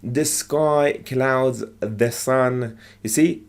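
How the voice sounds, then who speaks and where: Man, English teacher, gravelly voice, patient explaining, repeats phrases. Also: mid-range voice, drawn-out words, faint music behind. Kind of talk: explaining movie lines to learners.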